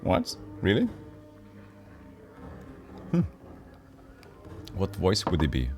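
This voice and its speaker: A man's voice: low voice, wildly swooping pitch, very slow, a little mellow, soft background music. A man streaming a retro RPG, chatting casually and joking with his chat. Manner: joking, reads chat aloud and answers. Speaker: livestreamer playing a retro RPG. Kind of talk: casual let's-play chat.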